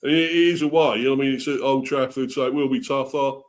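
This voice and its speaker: A man answering questions as a guest fan of the rival team in casual chat, relaxed and hesitant, with lots of ums. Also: mid-range voice, brisk.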